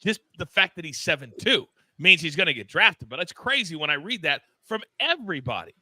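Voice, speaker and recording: A man hosting a live sports betting show, talking in an excitable, loud, self-deprecating way. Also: on the high side, brisk, no room sound. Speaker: host.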